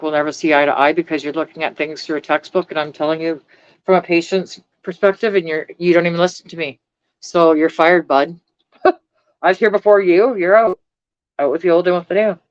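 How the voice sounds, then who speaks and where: A woman's voice: sits low, no echo, lo-fi sound. A middle-aged woman vlogger chatting casually on a live stream, blunt and rambling, swearing freely.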